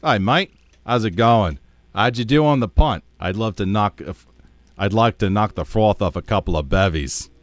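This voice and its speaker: A man putting on an attempted Australian accent as a rowdy pub mate, quiet and tentative. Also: fairly low pitch, lively intonation, normal speed, dry recording, close to an everyday voice.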